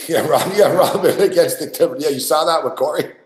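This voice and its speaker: A man's voice: a little high, normal speed, roomy sound, low-quality recording. A man hosting a sports betting show, telling profane, laughing stories about guests in casual studio banter. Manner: profane, storytelling, laughs often.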